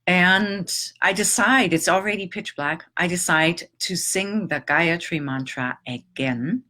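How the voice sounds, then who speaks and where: A middle-aged woman telling a personal story in a reflective, halting, emotional way, with long pauses. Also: lowish voice, bright, forceful tone. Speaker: transformational teacher.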